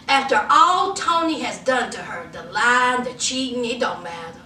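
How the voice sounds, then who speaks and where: A woman recapping a reality show in sassy, animated casual commentary, acting out what the cast said. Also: on the high side, normal speed, hardly any pauses. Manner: sassy, animated, acts out quotes. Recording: echoey room, from far off.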